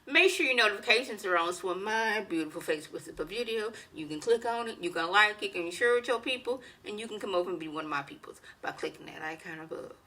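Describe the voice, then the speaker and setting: A woman YouTuber giving a casual, animated recap of a reality show, talking with dramatic exclamations. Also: medium pitch, fast, few pauses.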